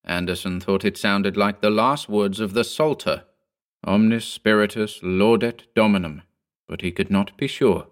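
A man reading a ghost story aloud in a measured, grave manner. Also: on the low side. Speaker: narrator. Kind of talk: scripted ghost story narration.

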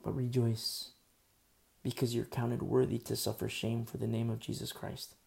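A man's voice: mid-range voice, little pitch movement, moderate pace, vocal fry, darkish tone. A man preaching a sermon in a conversational, emphatic storytelling way.

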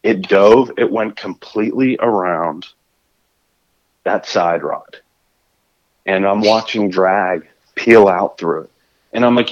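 A man telling a fishing story in a casual, animated way, often restarting his sentences. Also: lowish voice, takes it slowly, pauses often, muffled recording. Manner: animated, acts out his own shouts and scrambles with restarts.

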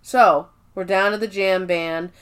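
A woman's voice: medium pitch, steady tone, unhurried, a bit bright, clear, resonant tone. A woman co-hosting a podcast, recapping TV episodes in casual chat. She swears freely, fills her talk with "like" and acts out the characters' lines in put-on voices. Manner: chatty, swears freely, many fillers like "like". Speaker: podcast co-host.

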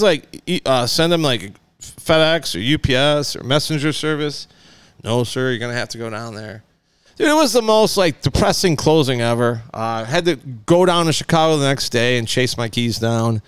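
Talk-show co-host, male, loose rambling storyteller with a lively, swinging delivery and a clear, resonant voice recorded dry and close. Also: mid-range voice, no echo. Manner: rambling, animated, acts out voices in his stories. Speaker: podcast co-host. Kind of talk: casual storytelling chat.

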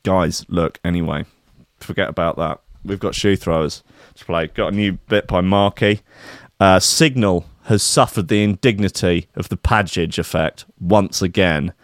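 A man's voice: sits low, moderate pace, no echo, clean studio sound. A young British man hosting a casual livestream as a DJ, rambling, sweary and self-mocking as he chats. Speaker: DJ and stream host.

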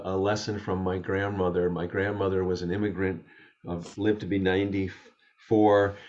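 A man talking in a gentle, thoughtful way, telling a story as a guest in a conversation from his home study. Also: low-pitched, highs cut off. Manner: gentle, thoughtful, with frequent restarts. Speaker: interview guest.

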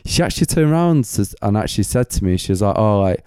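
A man's voice: fairly low pitch, big pitch swings, fast talker, dark tone, clean tone, dry recording, clean studio sound. A man hosting a solo Q&A podcast late at night, his voice going a bit, rambling with lots of filler words like "kind of" and "like". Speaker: podcast host.

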